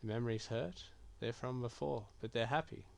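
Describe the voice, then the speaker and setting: A man streaming a game, reading typed chat messages and reply choices aloud in a low-key, musing way. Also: a little fast. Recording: clear keyboard typing behind voice.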